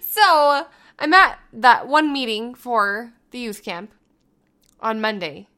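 Bright, high-voiced storytelling mom. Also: female voice, takes it slowly, smooth. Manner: animated, laughing storyteller. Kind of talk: casual storytelling chat.

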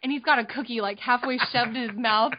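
A young woman co-hosting a podcast, telling family stories in an animated, giggly way and acting out the voices. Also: on the high side, a little fast. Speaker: podcast co-host. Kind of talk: casual storytelling chat. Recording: dull lo-fi podcast audio.

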